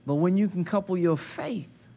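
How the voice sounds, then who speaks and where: A man preaching a sermon at a conference into a handheld mic, building to loud emphatic call-and-response peaks with folksy, colloquial phrasing. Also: high-pitched, normal speed, gravelly. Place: conference hall.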